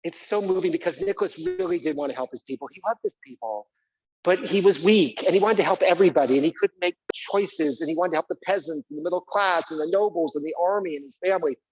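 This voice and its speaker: A man's voice: a little high, fast, muffled recording. A man performing a live one-man stage show, talking theatrically and prodding the audience to join in. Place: community center stage.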